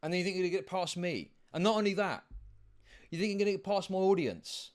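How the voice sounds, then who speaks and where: A streamer ranting furiously, yelling insults and profanity. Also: male voice, high voice, expressive, fast. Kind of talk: angry streamer rant.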